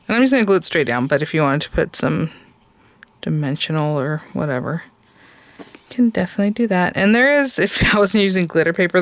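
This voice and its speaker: A woman's voice: deep voice, no echo. A woman hosting a crafting tutorial, talking casually as she works. She thinks aloud step by step in an easy, chatty way and gushes over the cute little details. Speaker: crafting channel host.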